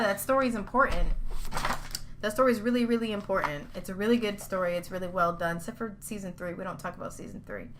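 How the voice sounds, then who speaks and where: A woman's voice: medium pitch, bright, forceful tone, a little hiss or hum. A woman hosting a casual podcast, talking in a heated, profane rant and repeating her points for emphasis. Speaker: podcast host.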